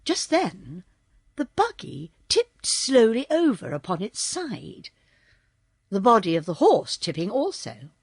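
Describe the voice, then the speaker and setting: A woman reading a children's storybook aloud as audiobook narrator, slow and expressive. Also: fairly high pitch, slightly rough, no room sound, clean studio sound. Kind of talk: scripted narration.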